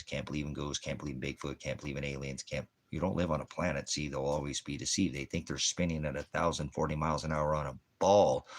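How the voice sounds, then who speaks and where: A man with a very low, husky voice preaches off the cuff. He rambles and jabs sarcastically, now and then turning aside to hush his dogs. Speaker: pastor.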